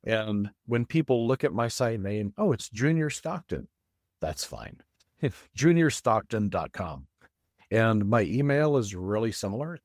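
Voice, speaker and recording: A man's voice: fairly low pitch, expressive, darkish tone, no echo, studio quality. A middle-aged man who is a design consultant and an interview guest, talking in a friendly way and carefully spelling out details. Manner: friendly, careful and deliberate when giving details. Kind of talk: casual interview chat.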